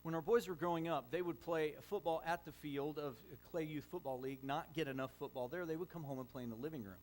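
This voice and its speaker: A man's voice: fairly high pitch, fairly even intonation, fast talker, a little mellow. A middle-aged man preaching a sermon as a pastor, telling stories conversationally with frequent fillers and restarts.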